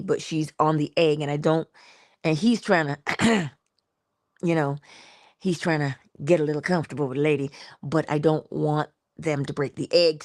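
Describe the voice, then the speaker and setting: A woman hosting an inspirational morning livestream, musing and affectionate, drifting between hushed asides and bursts of laughter. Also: deep voice, no echo. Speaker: livestream host. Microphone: livestream mic.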